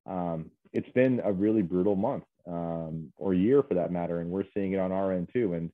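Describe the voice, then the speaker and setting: A man speaking as a guest in an interview, earnest and halting, with many fillers and restarts. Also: sits low, no room sound. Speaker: guest, mental health specialist. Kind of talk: casual interview chat. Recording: dry, tinny phone-like line.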